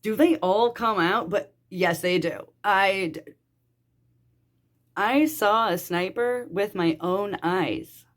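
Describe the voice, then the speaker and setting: A woman's voice: mid-range voice, slow. A young woman telling a personal story in a rambling, casual way, full of fillers and swearing. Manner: swearing, rambling, lots of "like" and "dude". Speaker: vlogger.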